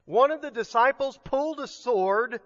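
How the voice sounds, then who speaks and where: A man's voice: very high voice, moderate pace, big-room sound, highs cut off. A male pastor preaching a sermon in a conversational, emphatic way, often restarting his sentences.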